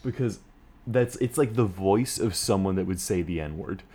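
A man's voice: low-pitched, normal speed, dark tone. A man co-hosting a podcast in casual chat, teasing and swearing a lot. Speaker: podcast co-host.

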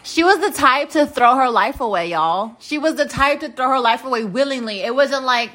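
A woman's voice: high-pitched, animated, moderate pace, a bit bright, rough recording. A woman in her late twenties hosting a podcast, telling a personal story in a blunt, profane, heated rant. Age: late 20s. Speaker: podcast host.

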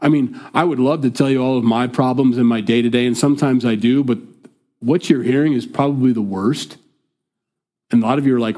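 A man's voice: mid-range voice, fairly quick, warm tone. A man from the United States preaching a sermon in a conversational way, often acting out what others might say. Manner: conversational, acts out quoted speakers. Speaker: pastor.

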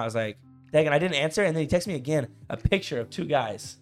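A young man co-hosting a podcast, telling a story in casual chat, animated and laughing often. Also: on the high side, racing, soft background music. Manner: animated, laughs often, says "bro" and "I was like". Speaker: podcast co-host.

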